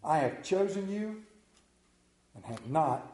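A man with a somewhat high, mellow voice preaches a sermon in an echoey church. He leans on dramatic pauses and sinks to a near hush on the words that matter. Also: expressive. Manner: dramatic pauses, drops to a hushed voice on key words. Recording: echoey room.

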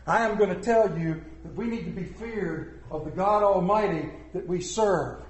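A man preaching a sermon as pastor, folksy and animated, joking with the congregation. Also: high-pitched, normal speed. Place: church sanctuary. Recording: echoey church room.

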